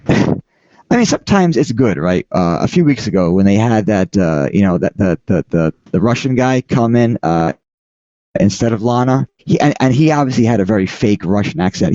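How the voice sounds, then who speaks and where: A man with a low, mellow voice hosts a casual podcast chat. His pitch swings widely, and he keeps stopping and restarting his sentences. The audio is dry and dull, as if from a lo-fi setup. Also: no echo. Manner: halting, rambling, frequent restarts. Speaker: podcast host.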